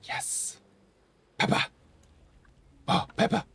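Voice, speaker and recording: A man streaming a game and chatting casually with his viewers, reacting out loud with sing-song asides. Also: slow, slight background noise. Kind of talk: casual chat while gaming, answering chat.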